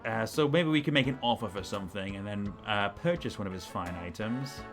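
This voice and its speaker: Man, casual game commentary, chatty asides, lively pitch, faint music behind. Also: fairly quick. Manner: chatty, rambling asides with fillers. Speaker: let's play host.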